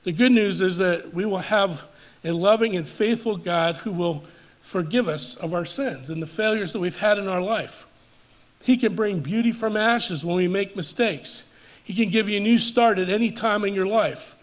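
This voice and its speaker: High-voiced pastor preaching a measured sermon. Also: male voice. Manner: measured preaching, slowing and dropping for emphasis, rising on climactic scripture. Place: church service.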